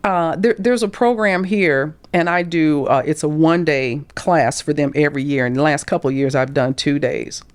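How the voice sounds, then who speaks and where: Low-pitched and speaking at normal speed with few pauses, a middle-aged career coach tells candid stories on a podcast. She acts out quoted speech animatedly and sometimes whispers, in a dry recording.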